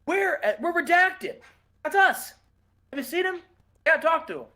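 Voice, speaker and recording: A man voicing an excitable male wrestler, high and hurried. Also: heavily acted. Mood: frantic.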